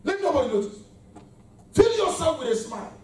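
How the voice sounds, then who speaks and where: A male pastor delivers a sermon with a high, animated voice that swoops up and down. He keeps the congregation answering him, calling out praise between his points. His sound is mellow and comes from far off, washed in the long echo of a church hall. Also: brisk. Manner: call-and-response preaching, exclamations of praise. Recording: echoey hall, mic far off.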